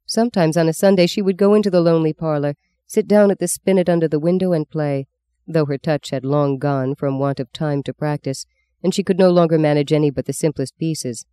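Smooth-voiced male audiobook narrator. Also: a little high, dark tone, no room sound.

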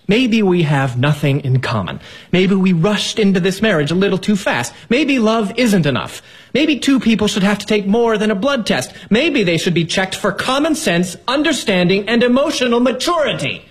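A young husband, lawyer, dry, sarcastic, worn out, exasperated, film dialogue. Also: male voice, sits high, very animated, normal speed. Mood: weary. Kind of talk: film dialogue, comic marital fight.

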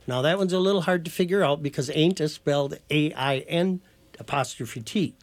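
A man's voice: fairly high pitch, normal speed. A man who is a guest on a talk show, patiently explaining and lecturing, sometimes spelling words out letter by letter. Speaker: guest from a heritage foundation.

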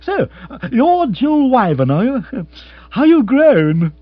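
A man's voice: very high voice, sing-song, takes it slowly, no echo, pitched above the performer's own voice, heavily acted. A man voicing a bumbling, jovial upper-class husband who stammers and chuckles. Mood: bumbling, hearty. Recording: dry, slightly dull audiobook.

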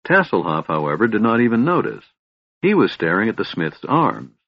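A man narrating a fantasy audiobook in a measured storytelling delivery. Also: fairly low pitch, very animated, vocal fry, no room sound, lo-fi sound.

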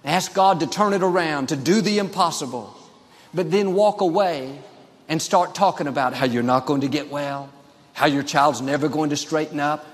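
A man's voice: on the high side, normal speed. A man preaching a sermon with emphatic, repeated declarations. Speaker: pastor. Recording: long reverb of a large hall.

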